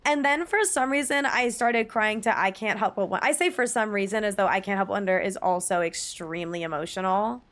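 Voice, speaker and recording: This woman speaks briskly with hardly any pauses, her medium-pitched voice a bit bright. Streaming live, she chats casually, reads comments aloud, gushes emphatically, and swears once in a while.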